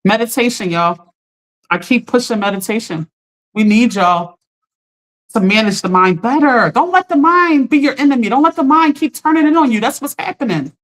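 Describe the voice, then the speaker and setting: A woman's voice: on the high side, lively intonation, normal speed. Emphatic woman coaching her live viewers. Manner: emphatic, repeatedly addressing viewers as "y'all"; earnest and encouraging, greeting viewers by name. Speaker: life coach. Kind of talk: live-streamed motivational talk.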